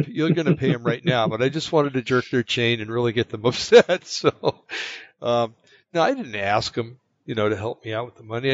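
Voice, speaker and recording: A man from the United States telling a personal story in casual chat, rambling and halting, with many fillers and restarts. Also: mid-range voice, dry recording. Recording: dull lo-fi, dry sound.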